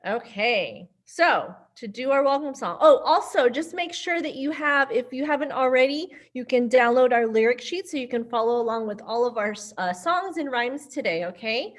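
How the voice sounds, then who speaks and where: A woman's voice: high-pitched, lively intonation, normal speed, hardly any pauses. A woman hosting a virtual children's storytime as a librarian, upbeat and sing-song, speaking to little kids and their caregivers over a computer mic.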